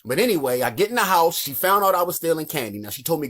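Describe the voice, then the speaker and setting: A man with a Baltimore accent spins comic stories in a loose, profane monologue. His voice sits a little high and jumps all over the place as he talks. He keeps the delivery animated from start to finish. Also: fast. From Baltimore, Maryland. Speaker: comedian. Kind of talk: comedic storytelling monologue.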